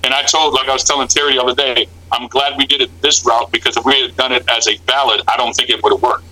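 A male singer talking as a guest on a radio show, relaxed and appreciative. His mid-pitched voice sounds extremely bright and sharp. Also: quick pace, rough recording. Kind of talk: casual radio interview chat.

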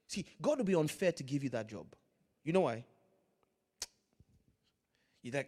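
A man preaching a sermon, swinging from loud, drawn-out lines to hushed asides, with Pidgin phrases mixed in. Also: mid-range voice, very animated. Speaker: pastor.

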